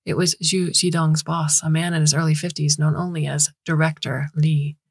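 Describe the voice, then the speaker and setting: A woman narrating a science fiction story in a measured, even reading voice. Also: low-pitched, slightly rough, no echo. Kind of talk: scripted narration.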